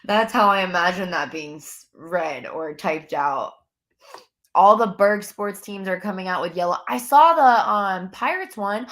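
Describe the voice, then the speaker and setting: A woman's voice: mid-range voice, normal speed, fairly bright tone. A young woman hosting a casual sports live stream from home, bubbly and chatty, talking straight to her viewers. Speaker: sports podcast host. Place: home room near window.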